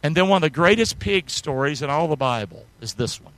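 A man's voice: on the high side, expressive, brisk, fairly bright tone, dry recording, rough recording. A man preaching a sermon, reading old-style scripture aloud and asking the congregation to say words back with him. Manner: call-and-response, asks congregation to say words; reads archaic scripture aloud with emphasis.

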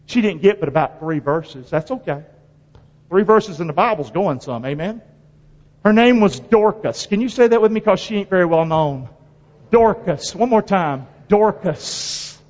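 High-voiced preacher in a reverberant church. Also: male voice, darkish tone, dull audio. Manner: emphatic, call-and-response preaching. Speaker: pastor. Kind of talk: sermon. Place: church sanctuary.

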